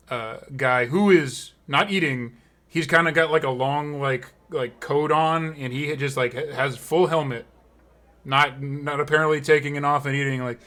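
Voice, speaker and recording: A man running a tabletop game as game master, with a bright, forward voice. He describes the scene in a rambling way, full of fillers and restarts. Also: medium pitch.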